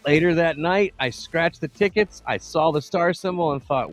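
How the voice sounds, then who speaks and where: A man's voice: a little high, normal speed, few pauses. Male podcast co-host, casual late-night banter, reads chat aloud, light music under him. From Texas. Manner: loose, joking, reads chat comments aloud.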